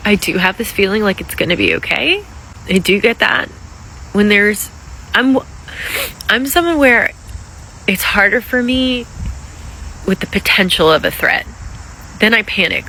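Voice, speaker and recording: A laid-off office worker vlogs in a loose, rambling way, swearing freely as worry runs through the talk. The voice sits at a middling pitch and keeps an anxious edge. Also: a little slow, long pauses, bright, forceful tone, slight background noise, rough recording. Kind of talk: casual selfie vlog.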